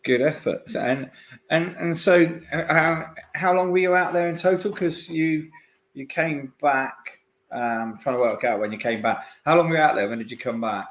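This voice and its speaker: A man's voice: fairly high pitch, moderate pace. A man hosting a podcast, asking long, rambling questions full of restarts and fillers in a casual interview. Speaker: podcast host.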